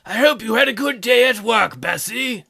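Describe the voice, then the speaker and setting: A man's voice: extremely high pitch, expressive, normal speed, vocal fry, bright, forceful tone, husky, heavily acted. Man voicing a mild, proper old father.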